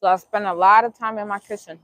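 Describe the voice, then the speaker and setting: A woman's voice: medium pitch, steady tone, fast, a bit bright, no room sound. Bronx woman hosting her cooking live stream, casual chatty talk, laughs a lot, mid voice, dry close sound. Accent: New York (Bronx). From the Bronx, New York. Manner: chatty, laughs easily, answers viewers' comments. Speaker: vegan cooking channel host. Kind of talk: casual live-stream chat while eating.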